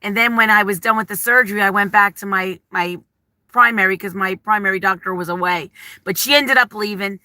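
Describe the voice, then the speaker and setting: Chatty woman streamer, nervous and emotional, rambles between viewer comments; bright edge to the voice. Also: mid-range voice, brisk, dry recording. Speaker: livestream vlogger. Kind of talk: casual live-chat talk.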